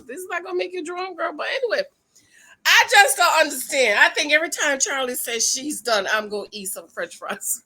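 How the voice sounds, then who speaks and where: Sassy, animated woman recapping a show. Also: high-pitched, moderate pace, rough recording. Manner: sassy, talks straight to viewers; emphatic, repeats points for effect. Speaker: reality TV recap host. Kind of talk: casual recap commentary to viewers.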